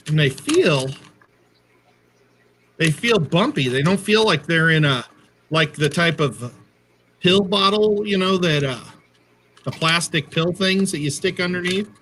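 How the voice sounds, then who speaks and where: A man with a bright, fairly high voice co-hosts a casual livestream. He talks in a chatty, joking way and keeps correcting himself mid-sentence. A faint noise runs behind him. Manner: chatty, self-correcting, jokey. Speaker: co-host.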